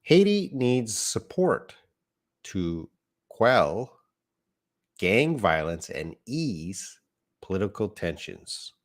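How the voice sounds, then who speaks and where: A man's voice: lowish voice, very animated, drawn-out words, long pauses. A man teaching a live online English lesson, explaining words patiently and reading out viewer comments.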